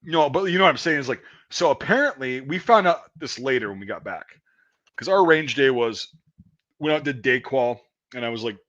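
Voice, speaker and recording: A man's voice: mid-range voice, a bit bright. A man in his thirties telling profane, rambling army stories in casual chat. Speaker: podcast host. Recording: dull lo-fi audio.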